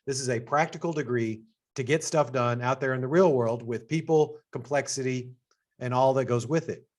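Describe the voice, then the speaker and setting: A middle-aged man speaks with a Texas twang as he presents an information session to prospective students. His delivery is casual and upbeat, and his pitch jumps up on the points he wants to stress. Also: moderate pace. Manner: upbeat and conversational, with sudden pitch jumps for emphasis. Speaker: assistant dean hosting an information session.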